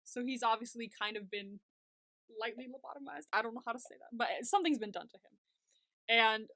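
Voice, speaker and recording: A woman's voice: on the high side, fairly quick, pushed and bright, dry recording. A young woman co-hosting a podcast, animatedly retelling a TV episode in casual chat, full of "like" and fillers. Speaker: podcast co-host.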